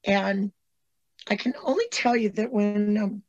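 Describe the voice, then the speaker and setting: A woman's voice: mid-range voice, a little slow, a little mellow, no echo. Rambling woman telling a story over muffled audio. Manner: rambling, breathless retelling with restarts. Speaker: interviewee telling a personal story. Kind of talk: casual storytelling, played as an interview clip. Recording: dull lo-fi audio.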